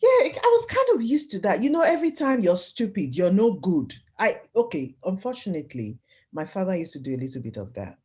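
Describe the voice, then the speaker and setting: A middle-aged woman tells her personal story in an interview. Her voice sits on the low side, but her intonation swings widely as she acts out the people she quotes. She keeps the telling expressive and animated throughout. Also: a little fast. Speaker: interview guest. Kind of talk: personal testimony in conversation.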